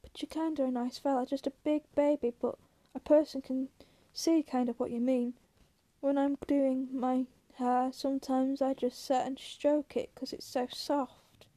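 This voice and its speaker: A woman's voice: high-pitched, level tone, a little slow, warm tone, no room sound. A woman reading aloud, voicing a lonely young ranch wife who chats in a teasing, vain way. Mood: chatty.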